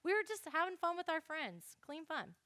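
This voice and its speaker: A young woman giving a chatty, animated Bible lesson to a youth group and speaking straight to the listeners. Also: extremely high pitch, normal speed, no echo, studio quality. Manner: chatty, animated, addresses the audience directly.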